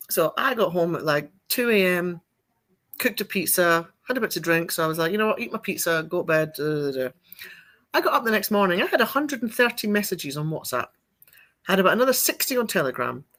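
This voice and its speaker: A middle-aged woman with a Scottish accent talks like a guest on a casual chat show. Her voice is bright and ringing. She tells stories freely, swears, and breaks into laughter often. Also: medium pitch. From Scotland. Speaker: podcast guest.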